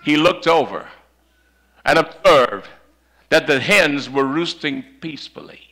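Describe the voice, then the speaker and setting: A man delivers a sermon as a dramatic story, dropping to near whispers and rising again. His voice sits high and sounds bright and lively. He speaks slowly, and his church microphone cuts in and out. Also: poor audio. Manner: dramatic, swings from loud to hushed. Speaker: preacher. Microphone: handheld or stand mic that cuts out.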